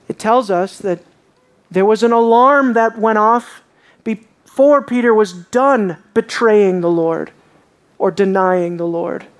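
A preacher giving a conversational sermon, asking rhetorical questions of the congregation and dwelling on details. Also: medium pitch.

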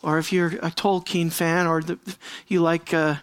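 A man preaching an expository sermon as pastor, conversational, asking the congregation questions and slowing down to stress words. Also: on the high side, flat delivery, fairly bright tone, clear, resonant tone, dry recording. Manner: conversational, asks the congregation questions, slows for emphasis.

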